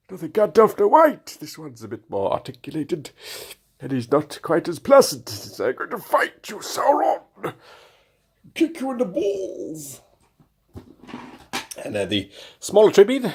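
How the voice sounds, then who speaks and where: A man's voice: medium pitch, darkish tone. A man talking casually about his toy collection, rambling and correcting himself with jokey asides. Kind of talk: casual show-and-tell of collectibles.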